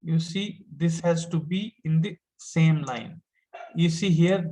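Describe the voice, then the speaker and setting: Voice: mid-range voice, slow pace, pauses often, darkish tone, a little hiss or hum, poor audio. A teacher, giving an online lesson step by step and patiently repeating each point.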